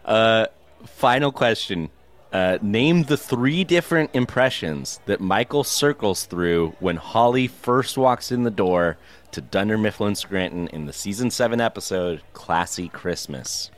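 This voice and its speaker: A man's voice: on the low side, measured pace. A man hosting a podcast trivia round, laughing often as he reads questions and plugs the show. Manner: laughs often, lively quizmaster. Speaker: podcast host reading listener trivia. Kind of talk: casual chat.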